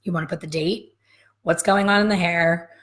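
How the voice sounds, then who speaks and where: A woman's voice: on the low side, steady tone, normal speed, fairly bright tone. Frank, emphatic woman in her fifties. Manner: frank, emphatic, talks straight to viewers. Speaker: hair color educator. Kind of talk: live coffee-chat teaching.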